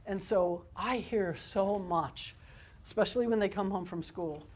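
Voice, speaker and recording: A woman giving a live parenting workshop to an audience, talking in an energetic, animated way and laughing often. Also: medium pitch, a little slow, slightly rough.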